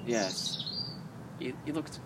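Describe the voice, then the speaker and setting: A man co-hosting a podcast, chatting casually and retelling a plot in a halting, rambling way full of fillers and restarts. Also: mid-range voice, lively intonation, crowd noise. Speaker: podcast co-host. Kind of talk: casual chat.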